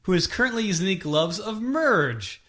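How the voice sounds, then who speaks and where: A man's voice: high-pitched, sing-song, moderate pace, fairly bright tone. A man co-hosting a podcast in casual chat, recapping with dry, wry quips. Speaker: podcast co-host.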